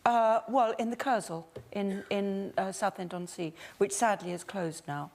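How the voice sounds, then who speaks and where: A woman's voice: medium pitch, a little slow, vocal fry. An older woman with an English accent telling a playful anecdote as a chat show guest. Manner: animated, playful storytelling. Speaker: guest, actress.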